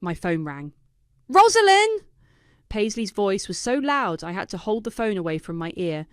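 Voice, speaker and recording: A woman reading a first-person drama story in a dry, knowing, quietly vindictive manner. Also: fairly low pitch, expressive, normal speed, clean tone, no room sound. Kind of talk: scripted first-person narration.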